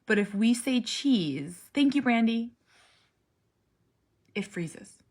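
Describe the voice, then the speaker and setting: A woman in her forties, a parent talking casually to camera, earnest and animated, sometimes dropping to a soft near-whisper. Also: a little high, slow pace. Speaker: parent vlogger. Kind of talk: casual personal vlog.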